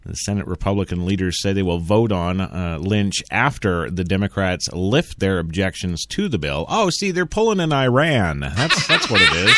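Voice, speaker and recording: A man's voice: deep voice, sing-song, normal speed, hardly any pauses, a bit bright, no echo. A man hosting a comedy talk radio show, sarcastic and mocking, laughing often. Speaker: radio host. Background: music.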